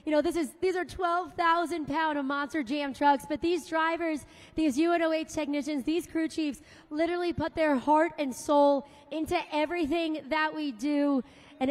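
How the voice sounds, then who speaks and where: A woman announcing a live arena event with energetic, dramatic build-ups on a handheld microphone in a large indoor arena. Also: sits high.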